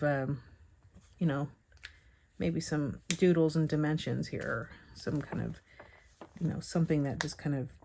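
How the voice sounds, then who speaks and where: A woman teaching Bible journaling, chatting softly and thinking aloud with hums and pauses as she works at a craft table. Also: low voice, slight background noise. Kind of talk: relaxed craft tutorial narration.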